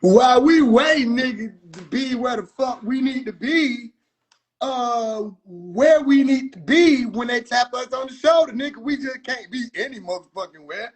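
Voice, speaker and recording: A man giving heated, profane, incredulous commentary, often breaking into shouts. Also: extremely high pitch, expressive, moderate pace. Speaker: video commentator. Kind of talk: ranting commentary.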